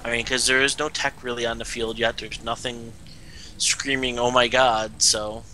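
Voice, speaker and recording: Casual male co-caster, sharp bright tone, confident and offhand. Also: medium pitch, little pitch movement, normal speed, slight background noise, poor audio. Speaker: esports co-caster. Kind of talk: color commentary on a game.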